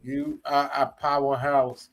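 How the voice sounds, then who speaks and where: A man's voice: mid-range voice, flat delivery, slow. A man hosting a livestream, playful and teasing as he hypes up his guest. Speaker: livestream host. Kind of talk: casual livestream chat. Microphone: remote streaming call.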